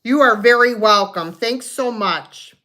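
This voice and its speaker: Slow-talking woman hosting a live sale. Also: a little high, bright, forceful tone. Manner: chatty, folksy, counts down sales. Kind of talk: live selling stream.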